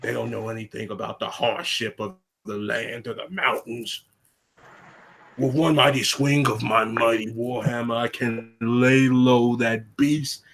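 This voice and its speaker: Man doing a scornful hulking troll for a tabletop game, gruff and drawling. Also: medium pitch, level tone, unhurried, fairly bright tone, a little hiss or hum, rough recording. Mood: boastful. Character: huge boastful male mountain troll.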